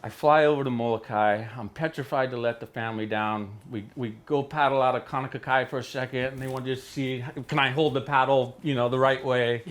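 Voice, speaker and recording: Man, middle-aged, from Hawaii, interview guest, animated storyteller, studio. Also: fairly quick, few pauses. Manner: animated, acts out quotes with big pitch jumps.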